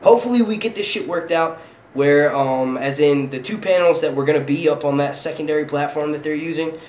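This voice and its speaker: Young man from Philadelphia, casual live stream chat, profane and rambling, slightly high voice, faint hiss behind. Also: a little fast, a little mellow. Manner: profane, rambling, laughs a lot. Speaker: YouTube channel host.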